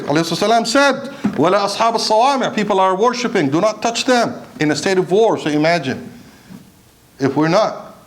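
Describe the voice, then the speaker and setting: A man preaching a Friday sermon in a mosque, impassioned, asking rhetorical questions and mixing in Arabic recitation. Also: high voice.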